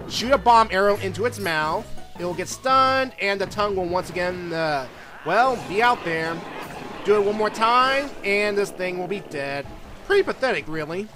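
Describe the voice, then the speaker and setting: A man doing rambling gameplay commentary as a let's play host, often groaning in disgust. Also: sits high.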